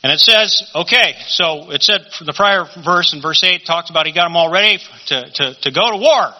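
A man's voice: fairly high pitch, animated, fairly quick, pushed and bright. A man teaching a Bible study in a conversational sermon style, often asking rhetorical questions. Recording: dull lo-fi recording.

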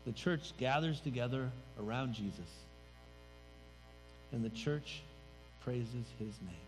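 A man's voice: mid-range voice, takes it slowly. A man pastor preaching a sermon in a church sanctuary, conversational and emphatic, letting his voice drop at the ends of phrases. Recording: reverberant hall, faint music.

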